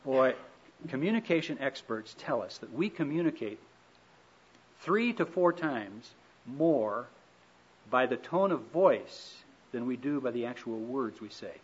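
Husky-voiced man, folksy and anecdotal. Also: mid-range voice, animated, a little slow. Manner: folksy, anecdotal, gently humorous. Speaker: speaker on marriage. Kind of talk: relaxed seminar talk. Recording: dull lo-fi recording.

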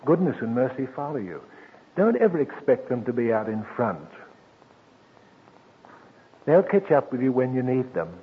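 Husky preacher on old tinny radio. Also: male voice, medium pitch, very animated. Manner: slow, emphatic, with soft drops and sudden lifts. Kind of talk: sermon. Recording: tinny old radio broadcast with long reverb.

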